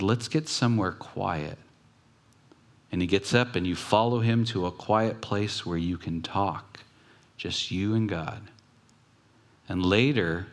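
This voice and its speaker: A pastor giving a conversational sermon, telling stories with pauses and restarts. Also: male voice, deep voice.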